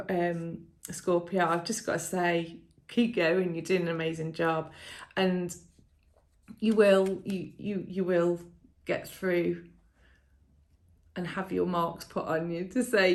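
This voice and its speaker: A woman giving a tarot reading to viewers in a casual, emotional way, often laughing softly and thinking aloud with fillers and restarts. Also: lowish voice, fairly even intonation, measured pace. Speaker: tarot reader.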